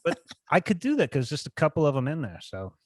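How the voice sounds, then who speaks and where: A man's voice: on the high side, big pitch swings, fast, darkish tone, no room sound, studio quality. A man co-hosting a podcast in casual chat, blunt, swearing freely and laughing often. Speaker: podcast co-host.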